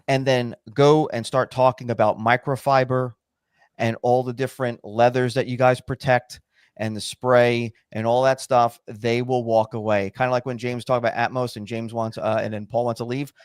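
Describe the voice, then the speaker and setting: A man's voice: mid-range voice, moderate pace, clean tone, dry recording. Chatty man with a dry close sound. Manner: relaxed, chatty storytelling. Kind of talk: casual chat.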